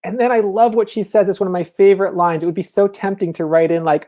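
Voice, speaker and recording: Mellow-voiced man talking about writing. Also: high voice, steady tone, fast. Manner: enthusiastic, conversational, many fillers. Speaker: novelist, festival speaker. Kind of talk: casual lecture on writing.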